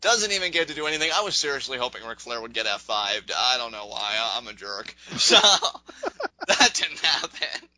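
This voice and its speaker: A man's voice: mid-range voice, sing-song, normal speed, sharp tone, slight background noise, rough recording. A man co-hosting a podcast, chatting casually about wrestling, rambling and laughing as he acts out quotes. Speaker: podcast co-host. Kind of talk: casual wrestling review chat.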